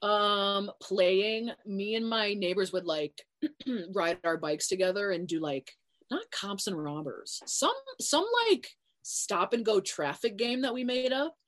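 A young adult woman chatting casually as a guest, full of fillers and quick laughs. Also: medium pitch, lively intonation. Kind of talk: casual chat.

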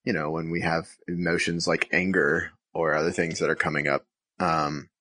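Low-voiced reflective man hosting a podcast. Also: level tone, normal speed, bright, forceful tone, no room sound, clean studio sound. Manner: reflective, thinks aloud with many fillers. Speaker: podcast host. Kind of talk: conversational interview.

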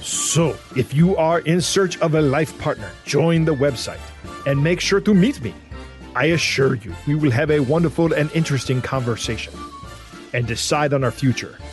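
A man voicing a woman from Russia in a put-on Russian accent, reading a dating-site pitch in a stilted, mock-earnest, formal way. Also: moderate pace, soft background music, close to an everyday voice.

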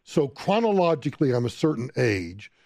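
A middle-aged man hosting a call-in radio show, talking in an excitable way and often stammering as he repeats words. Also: medium pitch, moderate pace, creaky, no echo, studio quality. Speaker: radio talk show host. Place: radio studio. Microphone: studio microphone.

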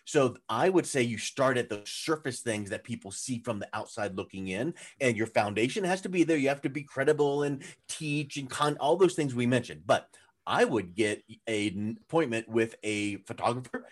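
Male coach, podcast guest: chatty, animated, acts out quotes with high jumps, average-pitched voice. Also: moderate pace. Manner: loose and chatty with fillers. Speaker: guest, authority positioning coach. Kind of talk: conversational podcast interview.

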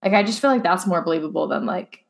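Easygoing woman, measured. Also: fairly low pitch, animated, creaky. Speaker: podcast co-host. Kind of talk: casual chat.

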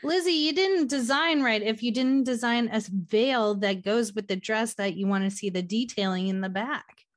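A woman's voice: fairly high pitch, normal speed. A woman co-hosting a podcast, chatting casually about a movie and acting out the characters' lines. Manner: animated, acts out quoted lines. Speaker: podcast co-host. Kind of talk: casual chat recapping a movie.

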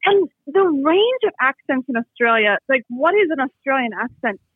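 A man's voice: extremely high pitch, big pitch swings, moderate pace, no echo. A Canadian man, an author, speaking thoughtfully in an interview and often restarting his sentences. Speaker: author and guest. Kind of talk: reflective interview talk. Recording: tinny phone-like line.

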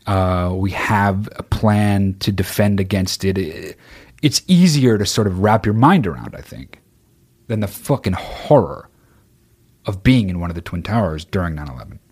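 A man's voice: sits low, expressive, normal speed, slightly rough. A man hosting a podcast in casual chat, answering listener questions bluntly and swearing constantly as he rambles. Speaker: podcast host.

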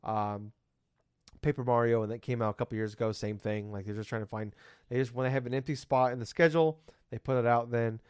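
A man's voice: mid-range voice, steady tone, fast talker, a little mellow, smooth, dry recording, clean studio sound. Profane rambling male podcast host. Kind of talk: casual podcast chat.

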